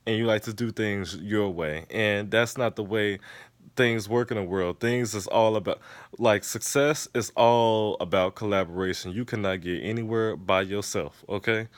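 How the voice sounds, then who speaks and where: A man giving a casual, profane recap of a TV episode, telling it with animated storytelling. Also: lowish voice, dry recording. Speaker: TV episode reviewer.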